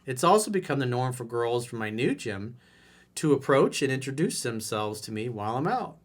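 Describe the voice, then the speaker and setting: A man's voice: mid-range voice, very animated, moderate pace. A man who coaches people on dating, reading out a viewer letter and answering it in a blunt, mocking way.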